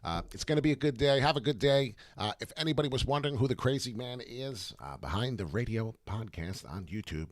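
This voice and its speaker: A man hosting excited crypto chart commentary, repeating himself and dropping rhyming asides. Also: mid-range voice, a little fast, hardly any pauses, no echo. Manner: animated, repetitive, rhyming asides. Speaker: crypto chart analyst host.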